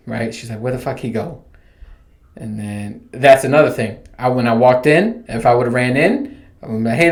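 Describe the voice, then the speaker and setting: Brief: young male host, casual joking horror-movie commentary, profane, lively delivery. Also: mid-range voice. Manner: joking, profane, acts out loud imagined lines to a ghost boy. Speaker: podcast host.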